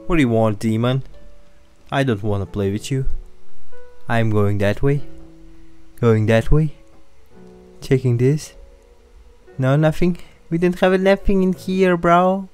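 A man giving casual let's-play commentary on a horror game, excitable and chatty, talking straight to his viewers. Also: medium pitch, clean tone. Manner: excitable, chatty, keeps addressing viewers as guys and bro. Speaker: gamer streaming a horror game.

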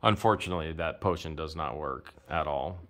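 Low-voiced joking man. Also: brisk, a bit bright, slight background noise. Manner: joking, teasing. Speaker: co-host, storage unit treasure hunter. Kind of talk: casual chat. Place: storage unit.

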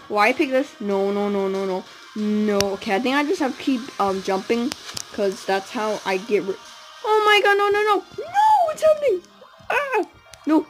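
A young woman giving casual, excitable commentary while playing a video game, often squealing and giggling. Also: mid-range voice, low-quality recording. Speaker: gamer.

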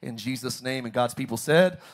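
A man's voice: medium pitch, normal speed. A young adult man, a pastor, preaching a sermon in a church auditorium and drawing call-and-response from the congregation.

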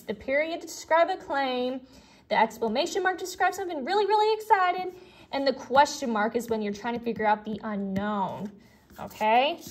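Young female teacher, slightly high voice, friendly and explanatory for small kids, natural fillers and restarts. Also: darkish tone. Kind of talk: recorded elementary classroom lesson.

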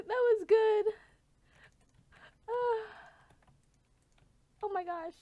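A young woman giving casual gameplay commentary, animated, swinging from low mumbles to yelling. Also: drawn-out words, long pauses, dry recording. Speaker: gaming YouTuber.

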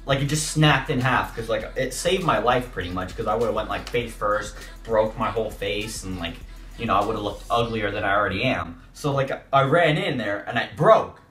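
A young man telling a casual storytime, animated and jokey, acting out voices. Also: lowish voice, moderate pace. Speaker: YouTuber. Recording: echoey room, music behind.

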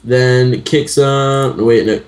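A man's voice: medium pitch, fairly even intonation, drawn-out words, heavy background noise. Teasing man commenting on gameplay. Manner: teasing, banters. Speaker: gamer.

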